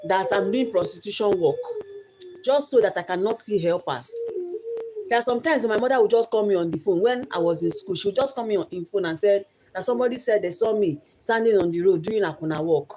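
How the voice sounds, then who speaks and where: A woman's voice: mid-range voice, a little fast, background noise. A young Nigerian woman giving an earnest motivational talk about her life, repeating phrases for emphasis. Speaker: vlogger.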